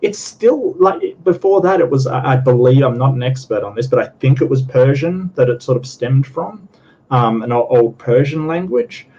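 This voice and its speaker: A man's voice: mid-range voice, lively intonation, normal speed, mellow. A man on a panel in a casual skeptic debate, talking emphatically and restarting his sentences as he argues. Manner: emphatic, argumentative, repeats words while restarting. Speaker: panelist on a skeptic discussion show. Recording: dull lo-fi audio with faint hiss.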